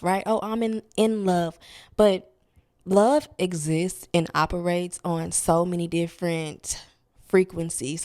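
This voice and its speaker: Candid young woman, low and dry. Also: darkish tone, dry recording. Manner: candid, earnest, sprinkled with slang and "okay?" check-ins. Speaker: wellness vlogger. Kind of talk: reflective casual monologue.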